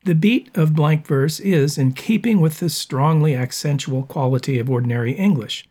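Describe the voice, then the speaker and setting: Husky man reading a lesson. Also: on the high side, dark tone. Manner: measured, explanatory reading. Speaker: narrator. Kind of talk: scripted narration.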